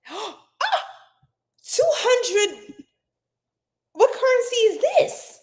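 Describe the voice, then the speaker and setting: A woman with a high voice and big pitch swings hosts a casual tarot reading on a livestream, keeping a measured pace. Playful and chatty, she laughs often and talks to her chat in slang.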